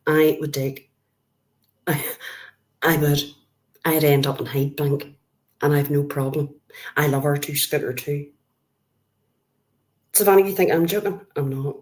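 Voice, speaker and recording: A grandmother with an Irish accent and a low voice talks straight to her live-stream viewers. She is feisty and blunt and calls out chatters by name. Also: steady tone, normal speed, long pauses, darkish tone. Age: older. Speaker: livestream host. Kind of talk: casual live-stream chat.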